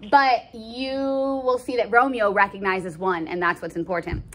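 A woman casually explaining a play in a chatty, slangy, animated way. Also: medium pitch, a little slow. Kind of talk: casual lesson with read-aloud scenes.

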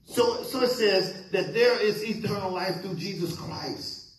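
Man, pastor, sermon, call-and-response, fairly high voice, echoey sanctuary. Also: a little slow. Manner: preaching with call-and-response questions to the congregation. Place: church sanctuary. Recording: echoey church hall.

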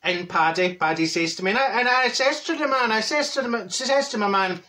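A man's voice: sits high, animated, a little fast, pushed and bright. A man playing a straight-talking older Glaswegian woman, telling a comic story in a broad, chatty Glaswegian Scottish accent. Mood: gossipy. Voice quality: broad, chatty, full of "wee" and "right?". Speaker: comic character monologue.

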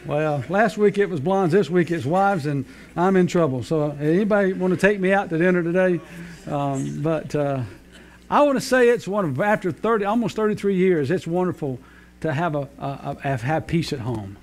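Pastor, 50s, high-voiced, folksy sermon delivery with fillers. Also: male voice, expressive, moderate pace, a little mellow. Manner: folksy, joking storyteller with frequent fillers. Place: church sanctuary.

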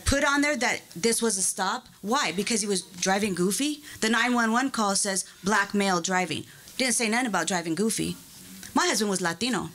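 A woman's voice: mid-range voice, normal speed, a bit bright. A woman giving impassioned, emphatic public testimony at a board meeting, speaking into a podium microphone. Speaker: public commenter.

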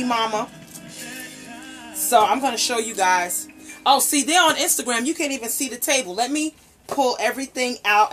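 A woman's voice: a little high, sharp tone, low-quality recording. A woman hosting a casual live unboxing stream as a nail polish brand ambassador, gushing over each item and greeting her viewers by name. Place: indoors at home, table set up. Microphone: tablet camera microphone.

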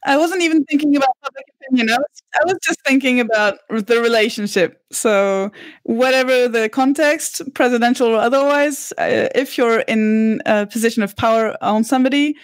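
A woman debating on a casual podcast, speaking thoughtfully and pausing to search for words. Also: fairly high pitch, dry recording.

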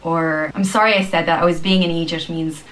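A woman from Ireland with an Irish accent, patiently explaining slang phrases and acting out examples, with frequent pauses and "um". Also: low voice, fairly even intonation, fairly bright tone, poor audio. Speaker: slang teacher in a video.

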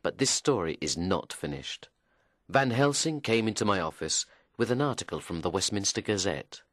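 A man narrating a story in the first person, slow and measured. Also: low voice, animated, fairly bright tone, no echo, studio quality. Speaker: audiobook narrator.

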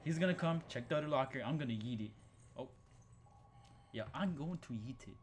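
A man's voice: medium pitch, lively intonation, a little fast, slight background noise. Jokey, profane young gamer man. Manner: jokey and profane, swinging from muttering to panicked yelling. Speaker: gaming channel host. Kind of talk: horror game commentary.

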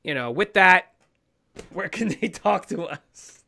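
A man's voice: high voice, lively intonation, takes it slowly, gravelly, sharp tone. Profane, heated man ranting. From New York. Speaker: podcast co-host. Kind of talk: casual podcast rant.

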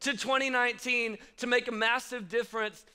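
A young man preaching a chatty youth sermon. His voice sits high and sounds bright and clear. He jokes and turns to speak directly to his listeners. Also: steady tone, brisk. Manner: chatty, joking, addresses the crowd directly. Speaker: youth pastor. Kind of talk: casual youth sermon with stories.

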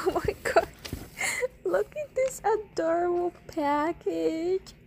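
A woman vlogger unboxing a package, gushing and gasping with excitement and often dropping to a whisper. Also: very high-pitched, takes it slowly, vocal fry. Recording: steady background noise.

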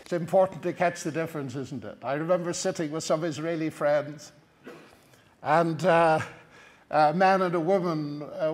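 A man with an Irish accent giving a Bible teaching talk, engaging his listeners with rhetorical tag questions. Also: fairly high pitch. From Ireland.

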